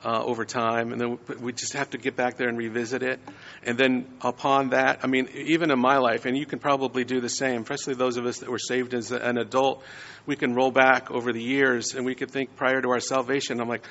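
A man's voice: medium pitch, little pitch movement, brisk, fairly bright tone, big-room sound, lo-fi sound. A man giving a conversational sermon, often checking in with his listeners. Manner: conversational, frequent "right?" tags. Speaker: preacher.

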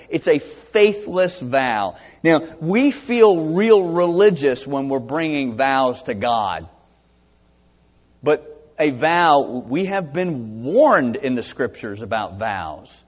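The sound is lo-fi, carrying a man's fairly high voice as he preaches a sermon. Working verse by verse through scripture read aloud in King James wording, he teaches expositorily, asking rhetorical questions with lively energy.

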